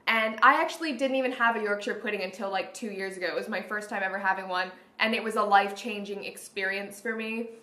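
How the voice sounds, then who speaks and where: A woman's voice: medium pitch, fairly even intonation, quick pace, hardly any pauses, pushed and bright. A Canadian woman vlogging, chatting upbeat to camera and thinking aloud as she answers questions. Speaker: beauty vlogger. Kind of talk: casual chat to camera. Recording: echoey room.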